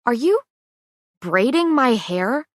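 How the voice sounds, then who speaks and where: A woman reading the lines of a defiant, sharp-tongued young heroine, raised and incredulous. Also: a little high, expressive, moderate pace, no room sound, clean studio sound. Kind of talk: audiobook character reading.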